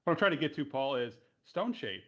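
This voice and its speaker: A man's voice: on the high side, sing-song, a little fast, a bit bright. A man playing a tabletop game, eagerly asking his game master a string of questions. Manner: eager, asks many questions. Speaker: player. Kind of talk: casual tabletop play. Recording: dull lo-fi mic.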